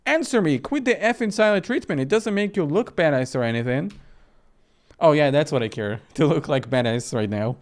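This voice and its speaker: A man voicing a brash, foul-mouthed teenage girl who shouts and swears. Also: fairly high pitch, lively intonation, normal speed, close to an everyday voice. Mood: angry.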